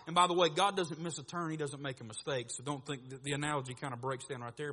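A man preaching, his voice high and bright. He moves between quiet asides and loud, animated bursts, sometimes acting out other voices. The sound carries the long reverb of a church hall. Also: fast, hardly any pauses, husky. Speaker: pastor. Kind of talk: sermon.

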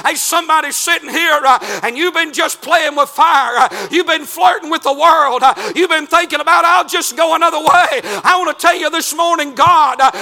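A middle-aged male pastor, preaching in a church with a shouting, chanting cadence and many "uh" fillers. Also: extremely high pitch, gravelly. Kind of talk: fiery revival sermon. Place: church sanctuary.

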